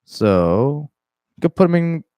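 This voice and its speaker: A man's voice: on the high side, big pitch swings, takes it slowly, dark tone, clear, resonant tone, no room sound, clean studio sound. A young Southern man hosting a casual MMA talk show, rambling and profane with plenty of restarts. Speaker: MMA podcast host. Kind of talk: casual commentary.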